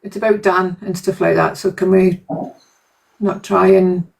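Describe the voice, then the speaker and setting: A woman's voice: fairly low pitch, flat delivery, measured pace, creaky, a little mellow, recorded from a distance. A tired woman hosting a live stream and steering callers back on topic. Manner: tired, moderating.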